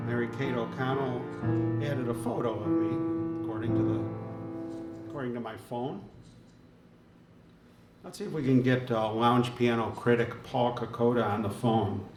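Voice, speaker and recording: A man's voice: medium pitch, normal speed, long pauses. A man hosting a live lounge show from the piano. He chats casually, jokes and laughs easily. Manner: jokey, chatty, laughs easily. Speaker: show host and lounge pianist. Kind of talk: casual live-stream chat. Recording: echoey room with faint piano music.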